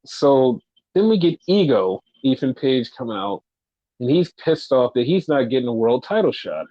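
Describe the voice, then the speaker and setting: A man's voice: medium pitch, normal speed, dry recording. Man recapping wrestling, dull dry audio. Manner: animated, swears and rants when annoyed. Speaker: podcast co-host. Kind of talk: casual wrestling recap chat.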